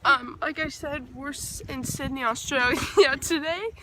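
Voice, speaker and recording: Giggly high-voiced young woman vlogging. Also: steady tone, moderate pace, a crowd in the background. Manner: giggly, keeps breaking into laughter. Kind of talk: casual vlog chat. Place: outdoors on a pier by the water. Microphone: phone camera held by the speaker. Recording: outdoor phone recording with background noise.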